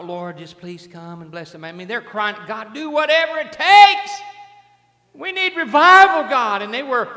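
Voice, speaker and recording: Fervent preacher in a reverberant hall. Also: male voice, fairly high pitch. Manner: swings from hushed storytelling to shouted fervor. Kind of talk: revival sermon. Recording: long reverb in a large hall.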